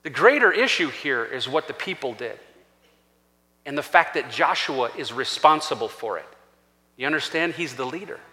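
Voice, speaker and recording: A man pastor preaching a sermon in a church, animated and acting out scripture voices. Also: mid-range voice, normal speed. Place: church sanctuary. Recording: long church-hall reverb.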